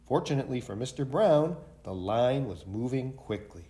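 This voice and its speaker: A man, a library director, reading a picture book aloud for a children's storytime in an expressive way. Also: mid-range voice, moderate pace, hardly any pauses.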